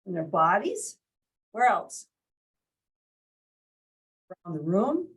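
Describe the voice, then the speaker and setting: Husky-voiced woman leading a workshop. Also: mid-range voice, sing-song, slow pace, poor audio. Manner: quizzes the group, demonstrates tones of voice. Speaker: workshop leader. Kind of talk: interactive teaching talk. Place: indoor meeting room with window blinds.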